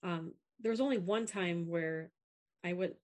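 A woman's voice: lowish voice, a little slow. A young woman talking frankly in a casual interview, telling stories and acting out what others said. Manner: frank, animated storyteller, quotes others in voices. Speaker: app founder and guest. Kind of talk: candid casual interview talk.

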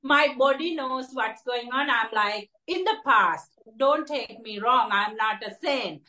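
Earnest woman therapist, halting second-language English. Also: fairly high pitch, lively intonation, bright, forceful tone. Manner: earnest, halting speech with fillers and restarts. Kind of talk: conversational interview.

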